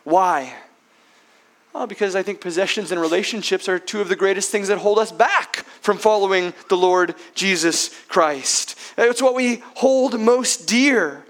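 A man's voice: high-pitched, unhurried, a bit bright. A man preaching a sermon as pastor who keeps asking his listeners rhetorical questions, often ending with tag questions.

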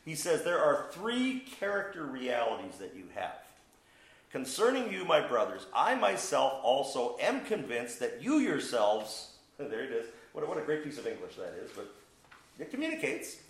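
A man's voice: medium pitch, huge pitch swings, moderate pace, roomy sound, low-quality recording. A man preaching a sermon, teaching verse by verse with emphatic, playful asides and questions to the congregation. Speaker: pastor.

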